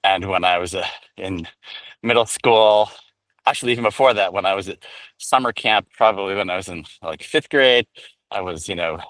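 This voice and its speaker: A man from upstate New York with a fairly low voice, telling long stories about his past in an unhurried way. He talks over a video call while walking outside. The recording is dry. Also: fairly bright tone, dry recording, rough recording. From Rochester, New York. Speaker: actor guest. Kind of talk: casual storytelling interview. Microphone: video call while walking outdoors.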